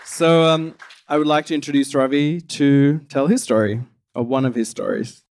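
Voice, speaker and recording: A man hosting an event and introducing a speaker, with halting, filler-heavy speech. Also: medium pitch, fairly even intonation, a little mellow, a faint crowd. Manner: halting, fumbling words with many fillers. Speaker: event host.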